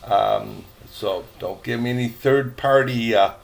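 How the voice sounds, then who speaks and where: A man's voice: medium pitch, unhurried, creaky. An older man reading a chapter book aloud, rambling with chatty asides and many fillers. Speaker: storyteller.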